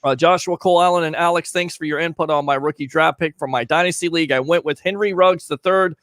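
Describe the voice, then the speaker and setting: A man's voice: fairly high pitch, fast, fairly bright tone, no room sound. A man hosting a casual call-in sports talk show, chatting and reading out viewer comments.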